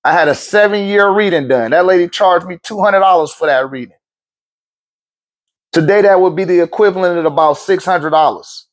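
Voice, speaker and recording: A man's voice: high-pitched, normal speed. A middle-aged man in a laid-back, slangy storytelling monologue, chuckling often. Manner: laid-back slang, frequent chuckles, acts out quoted voices. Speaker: spiritual talk show host.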